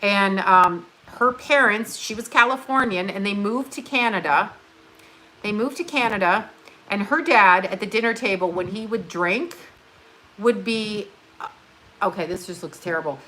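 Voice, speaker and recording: This is a woman in her fifties hosting a casual livestream and rambling as she paints her nails. Her talk is blunt and full of swearing, and it drifts from one thing to the next. Her voice sits at an ordinary middle pitch. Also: moderate pace, pushed and bright. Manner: blunt, profane, chatty while doing her nails. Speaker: livestream host.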